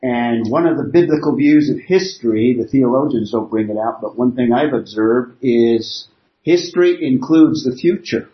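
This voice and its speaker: A man's voice: mid-range voice, normal speed. A man teaching a Bible class, explaining points step by step from an outline on slides. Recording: roomy, dull lo-fi classroom recording.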